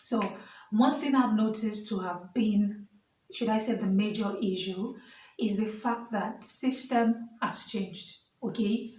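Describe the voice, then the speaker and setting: A woman's voice: mid-range voice, slow pace, a little mellow, distant mic. Young woman, Nigerian accent, casual vlog, earnest and chatty, echoey room. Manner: chatty, earnest, many fillers and asides. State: standing while filming. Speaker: vlogger. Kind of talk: casual vlog talk to camera.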